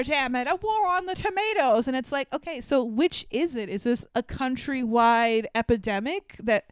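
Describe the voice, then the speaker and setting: A young woman co-hosting a podcast, chatting casually about a movie with animated, swearing reactions. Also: a little high, clear, resonant tone, dry recording. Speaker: podcast co-host. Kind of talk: casual movie review chat.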